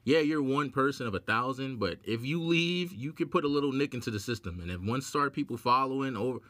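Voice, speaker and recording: A man hosting a podcast in casual chat, animated, laughing often and acting out quoted voices. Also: medium pitch, fairly quick, no room sound. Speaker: podcast host.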